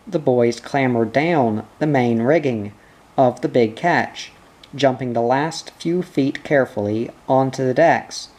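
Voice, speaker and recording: A man narrating an audiobook in a measured reading style. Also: mid-range voice, a little mellow.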